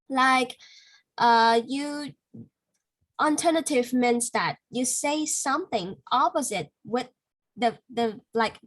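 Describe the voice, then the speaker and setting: A woman with a Vietnamese accent gives a one-to-one English speaking lesson, her voice sitting a little high. She corrects patiently, leaning on filler words as she explains. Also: low-quality recording.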